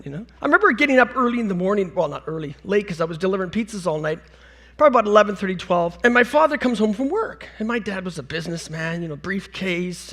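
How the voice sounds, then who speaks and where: A middle-aged man from Canada telling funny stories from his life in a talk on stage, acting out the people he quotes. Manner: animated, acts out quotes with big jumps in pitch. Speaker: conference speaker.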